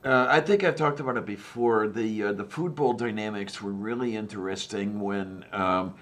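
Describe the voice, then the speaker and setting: A man chatting casually as a podcast co-host, often pausing with "uh" and "um". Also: lowish voice, fairly bright tone. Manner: hesitant, many "uh" and "um" pauses. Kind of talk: casual chat.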